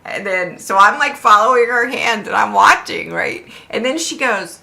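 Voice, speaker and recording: Woman, middle-aged, livestream host, casual storytelling, animated, laughing, bright. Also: on the high side, moderate pace, gravelly, hardly any pauses, a little hiss or hum. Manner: animated, laughing, mimics others. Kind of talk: casual storytelling to a live chat.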